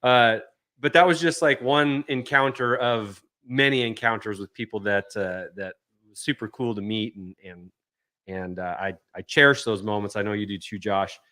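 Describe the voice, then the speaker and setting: A lower-pitched man with a bright, forward tone, chatting with his co-host about meeting friends at a convention. His delivery is easygoing, and his sentences often fade quietly at the end. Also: normal speed. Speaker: podcast co-host. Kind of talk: casual chat recap.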